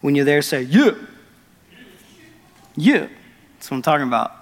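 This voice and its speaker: A man's voice: mid-range voice, rapid-fire. A man preaching in a reverberant church. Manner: earnest, excited, animated retelling with quoted dialogue. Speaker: pastor. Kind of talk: sermon storytelling. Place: church sanctuary. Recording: long reverb of a church hall.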